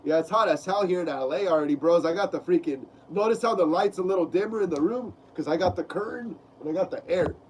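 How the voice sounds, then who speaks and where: A man's voice: high voice, fast talker, hardly any pauses, a little hiss or hum. A young man with a stuffy nose from a cold, hosting a casual live stream from home, reading chat aloud and saying bro a lot. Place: home room.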